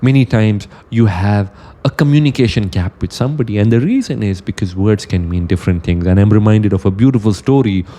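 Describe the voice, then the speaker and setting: Mellow-voiced Indian man telling a motivational story. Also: lowish voice, brisk. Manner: earnest, gently uplifting, repeats phrases. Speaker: motivational speaker.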